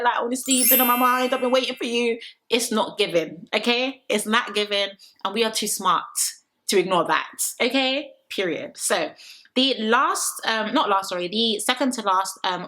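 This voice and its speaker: A woman's voice: medium pitch, bright, forceful tone. A young woman chatting through a reality show recap, opinionated and sassy, mocking the people she quotes.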